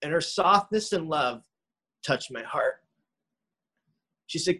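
A man's voice: fairly high pitch, expressive, slow pace, long pauses, sharp tone, rough recording. A man sharing his own recovery story in a conversational way, often adding "man" and "you know". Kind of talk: recovery talk testimony.

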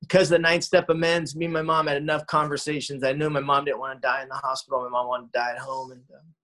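This forties-aged man at a recovery meeting talks fast in a medium-pitched, fairly bright voice with little pitch movement, captured on a rough recording. His personal story wanders in a chatty way, full of restarts and "you know."

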